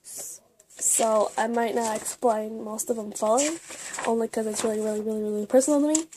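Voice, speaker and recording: Confessional young woman, fairly high voice. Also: fairly even intonation, noisy background. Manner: confessional, halting, many fillers and restarts. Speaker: vlogger. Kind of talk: casual personal vlog.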